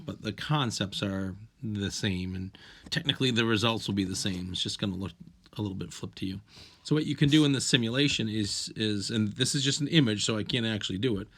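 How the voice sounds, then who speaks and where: Low-voiced man teaching a recorded science lesson. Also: fairly bright tone. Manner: explanatory, with frequent restarts and "if you will"; walking students through slides. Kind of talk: recorded online class lesson.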